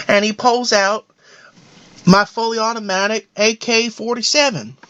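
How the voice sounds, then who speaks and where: A man's voice: fairly high pitch, a bit bright. A man voicing a paranoid, boastful middle-aged cartoon dad in a rambling, self-important comedic monologue. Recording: dull lo-fi audio.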